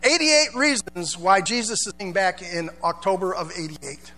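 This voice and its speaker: A male pastor preaches in a church, talking in a loose, conversational way and drawing the congregation in with call-and-response. His voice sits high and rings bright. It carries a long hall echo over a faint hum. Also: normal speed. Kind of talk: sermon.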